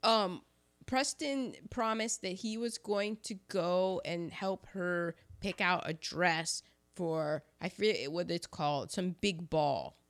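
A woman's voice: lowish voice, slow. A woman co-hosting a casual chat, recapping a film with jokes and playful asides. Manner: animated, jokey, acts out characters in exaggerated voices. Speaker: podcast co-host.

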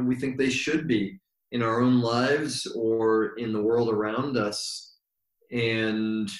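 A man guest on an interview, telling stories in a reflective, meandering way and slowing down for emphasis. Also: medium pitch. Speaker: yoga teacher, podcast guest. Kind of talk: relaxed storytelling interview. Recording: roomy echo.

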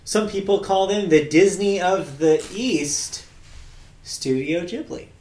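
A man's voice: high voice, takes it slowly, a little mellow. Chatty man in an echoey room. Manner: chatty, upbeat, laughs easily, frequent fillers. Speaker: podcast host. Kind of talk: casual movie podcast chat.

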